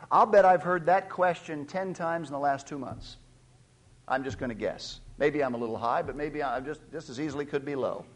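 A man preaching a sermon, teaching and questioning his listeners, swelling loud on key points. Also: on the high side, moderate pace. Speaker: pastor.

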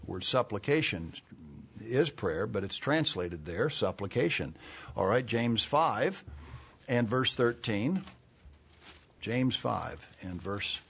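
A man's voice: mid-range voice, big pitch swings, measured pace, vocal fry, breathy edge. A man preaching a Bible-teaching sermon, who reads verses aloud with rising force and explains words plainly between them.

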